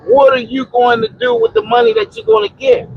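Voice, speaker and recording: A man streams live from his truck cab on a phone mic, hosting a casual trucker and homesteading livestream where he preaches about preparing and answers chat. He rambles and repeats himself, restarting often and saying "you know" a lot. His very high, gravelly voice is very animated and a little fast, in a muffled recording with a little hiss or hum.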